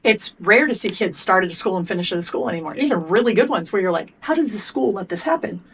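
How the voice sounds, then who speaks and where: A middle-aged performance coach, interviewed on a podcast, tells blunt stories and acts out both sides of exchanges between coach and athlete, swearing casually. Her voice is mid-range, fast and slightly rough.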